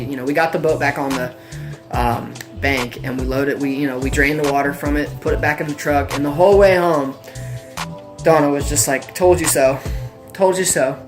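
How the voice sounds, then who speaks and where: Animated self-mocking man. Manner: animated, self-deprecating, with big pitch swings. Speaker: storyteller vlogger. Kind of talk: casual personal storytelling.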